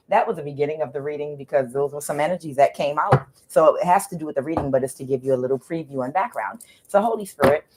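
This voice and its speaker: A woman's voice: low voice, noisy background. A woman doing a casual tarot reading, hesitant and full of filler sounds, often repeating herself. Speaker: tarot reader.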